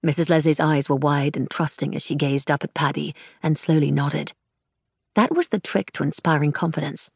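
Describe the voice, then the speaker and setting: A woman narrating a story in a measured, even manner. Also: deep voice, vocal fry, breathy edge, no room sound, clean studio sound. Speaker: audiobook narrator. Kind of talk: scripted narration.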